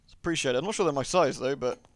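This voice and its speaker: This young man speaks quickly in a mid-range voice, recorded with no room sound, as he plays a video game with its sound audible. He's a let's play host whose casual commentary is chatty, jokey, and full of riffing asides.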